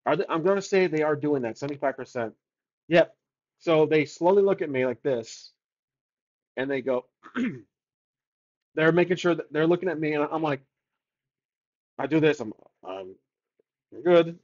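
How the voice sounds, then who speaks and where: Slightly high-voiced man narrating solo game. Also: a little mellow, dull audio. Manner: thinking aloud, rolling odds, casual.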